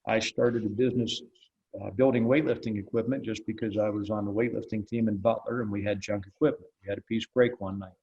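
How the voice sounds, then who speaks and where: A man's voice: on the low side, fairly even intonation, brisk, warm tone, dull audio. An older man, an interviewed blacksmith, telling stories in a wry, folksy way, acting out the dialogue. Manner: folksy, wry storyteller who acts out dialogue. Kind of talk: relaxed storytelling in an interview.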